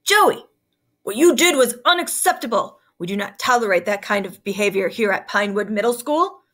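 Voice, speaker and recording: A woman's voice: medium pitch, moderate pace, a bit bright, lightly acted. A woman reading aloud as a strict but fair male middle school principal, scolding firmly. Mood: stern. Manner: stern, firm, scolding.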